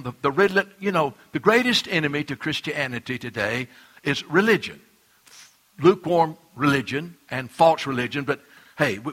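Bright-voiced preacher. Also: male voice, a little high. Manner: emphatic preaching with sudden loud and soft swings. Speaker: pastor. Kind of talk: sermon.

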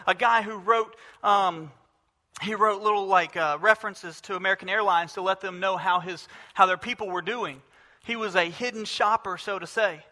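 A man's voice: sits high, pushed and bright, big-room sound. A male pastor preaching a sermon, emphatic, with repeated phrases and rhetorical questions.

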